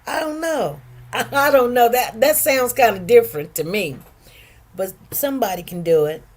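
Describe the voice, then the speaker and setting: A woman's voice: fairly high pitch, moderate pace. A woman hosting a casual live chat, reading out viewer comments and telling stories in a chatty, earnest way. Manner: chatty, animated, exclaims over food; soft-spoken, earnest storytelling.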